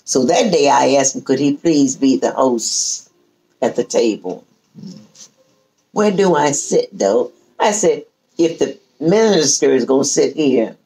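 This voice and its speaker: A woman's voice: extremely low pitch, rough recording. Older woman telling family stories. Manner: lively, drawn-out, acts out quoted relatives. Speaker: storyteller guest. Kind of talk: casual family storytelling.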